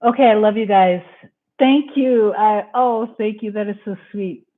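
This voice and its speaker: A woman's voice: medium pitch, unhurried. A woman coaching on a casual live-stream Q&A, talking in a rambling, effusive and heartfelt way. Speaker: manifestation coach. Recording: tinny phone-like audio.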